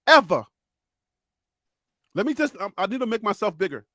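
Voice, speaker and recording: A man with a Liberian accent hosting a live sports debate, excitable, repeating words and laughing often. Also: high-pitched, moderate pace, dry recording, clean studio sound. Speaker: host.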